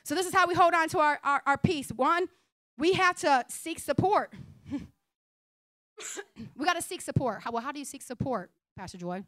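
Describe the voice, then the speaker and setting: A young woman pastor preaching a conversational, humorous sermon in a blunt, animated way. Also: high voice, normal speed, pauses often, no room sound. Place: church sanctuary.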